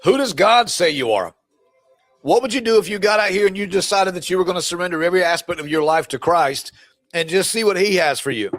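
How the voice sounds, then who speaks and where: A divorce coach gives a fired-up pep talk on a live stream, blunt and preachy while teasing his viewers. His voice is high-pitched and a bit bright, with no room sound.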